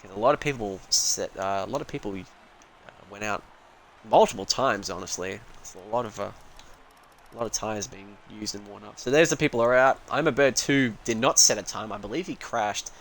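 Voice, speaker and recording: A man's voice: fairly low pitch, a little fast, a bit bright, slight background noise, poor audio. A man giving casual, rambling live commentary on a sim racing stream, full of joking asides.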